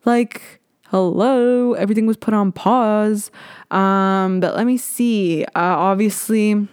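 A woman's voice: medium pitch, takes it slowly, a little mellow, clear, resonant tone, no echo, clean studio sound. A young woman from Ontario hosting her own podcast, chatting candidly and mocking herself, with the odd swear word. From Ontario, Canada. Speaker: podcast host. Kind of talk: casual solo podcast chat.

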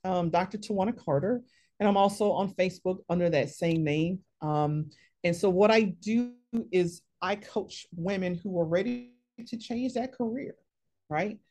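A woman career coach talking in an interview, telling stories in a lively, emphatic way and often adding tag questions. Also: lowish voice, normal speed. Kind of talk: conversational interview, storytelling.

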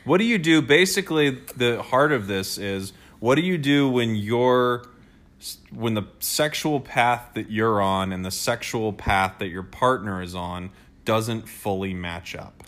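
A man talks through a relationship question in a loose, casual chat, his voice sitting a little on the low side. He rambles and jokes and often breaks into laughter. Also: a little slow, fairly bright tone. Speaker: podcast co-host.

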